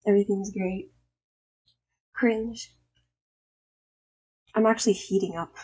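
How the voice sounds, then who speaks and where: Emphatic, hoarse young woman vlogger. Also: mid-range voice, measured pace, pauses often. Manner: emphatic, swearing, animated storytelling. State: slightly hoarse after illness. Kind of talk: casual storytelling vlog.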